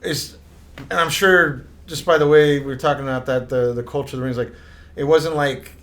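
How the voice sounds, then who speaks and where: A man's voice: medium pitch, steady tone, fairly quick, fairly bright tone. A middle-aged man, a former hockey player, trading funny stories in a casual chat and laughing often. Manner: chatty, laughs a lot, quotes people.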